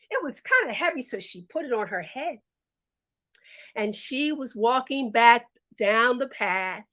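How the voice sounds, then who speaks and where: Expressive high-voiced woman storyteller. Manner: expressive, animated, sing-song. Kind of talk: storytelling for listeners.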